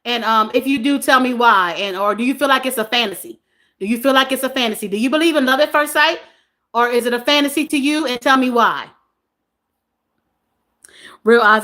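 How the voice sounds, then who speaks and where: Woman host, forties, high pitched with a bright tone, animated casual chat on a live stream, laughs a lot. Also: brisk, pauses often. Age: 40s. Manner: animated, laughs often, repeats viewers' names. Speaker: livestream host.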